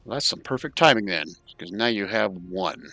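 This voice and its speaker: A man's voice: lowish voice, normal speed, dry recording, soft background music. A man acting as game master, casually opening a tabletop session and reading a recap aloud. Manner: relaxed, casual, reads recap aloud with filler uhs. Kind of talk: running a tabletop game over voice chat.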